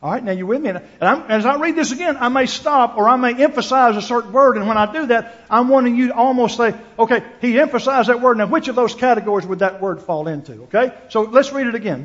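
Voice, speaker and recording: This preacher's voice is extremely high and fairly bright, and he talks quickly with hardly any pauses. Earnest in his sermon and scripture reading, he restarts and repeats words as he thinks and questions the congregation, heard through a dull lo-fi recording.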